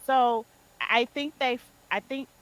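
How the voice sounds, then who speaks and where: A woman in a casual group chat, blunt and unhurried, laughing between her points. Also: a little high, fairly bright tone, no room sound, lo-fi sound. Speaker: podcast participant.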